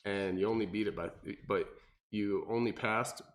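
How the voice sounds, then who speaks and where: A man's voice: on the low side, fairly even intonation, moderate pace. A man, a personal trainer, asking questions and adding details in a casual chat. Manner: asks questions, corrects and adds details.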